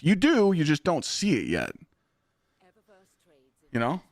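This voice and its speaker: A young man streaming games, telling stories to his chat in a blunt, profane, animated way. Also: on the high side, unhurried, no room sound. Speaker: game streamer. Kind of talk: casual live-stream storytelling.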